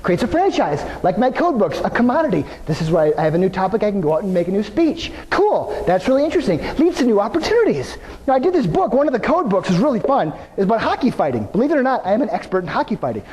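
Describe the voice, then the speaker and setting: A man's voice: high-pitched, fast talker. A man giving a live motivational keynote, telling stories energetically and turning to the audience with questions. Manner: energetic storytelling with asides to the audience. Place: large venue before an audience. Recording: long hall reverb.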